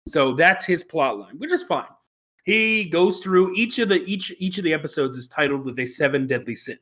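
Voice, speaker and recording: A man's voice: fairly high pitch, expressive, moderate pace, a bit bright. A man co-hosting a podcast, reviewing an anime in casual chat, wry and rambling with plenty of fillers and restarts. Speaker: podcast co-host.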